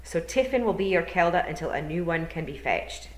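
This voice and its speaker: A woman voicing a tiny, shrewd, dying old pixie clan mother who speaks slowly and weakly in a put-on Scottish accent. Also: on the low side, animated, lightly acted. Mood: commanding. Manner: slow, weak, murmuring. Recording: roomy echo.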